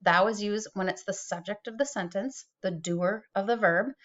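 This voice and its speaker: A middle-aged woman teaches through a recorded screen-share tutorial, chatting easily and poking fun at herself. Her voice sits at an ordinary pitch and comes through a computer mic. The recording sounds a little dull and lo-fi. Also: normal speed. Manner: chatty, self-deprecating, with small laughs.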